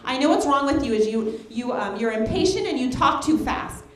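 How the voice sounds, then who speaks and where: A woman's voice: high voice, expressive, fairly quick, slight background noise. A woman comedian voicing her condescending male office boss, lecturing her. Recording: echoey club with crowd laughter.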